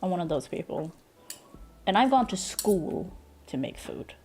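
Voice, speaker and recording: Excitable woman streamer with a lively voice. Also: fairly low pitch, a little slow, faint music behind. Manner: excitable, gushing thanks, laughs and swears. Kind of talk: casual live-stream chat. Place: home desk. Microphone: desk microphone.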